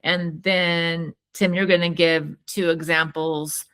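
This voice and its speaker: A woman's voice: fairly low pitch, flat delivery, takes it slowly, a bit bright, smooth. A woman therapist and co-host in casual teaching chat, chatty, often restarting sentences and laughing while she tells stories.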